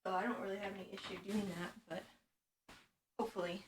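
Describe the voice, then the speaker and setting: A woman's voice: mid-range voice, quick pace, slight background noise. Chatty woman streamer at home. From United States. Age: late 20s. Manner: chatty, relaxed, with frequent ums and laughs. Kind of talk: casual live-stream chat. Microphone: boom microphone.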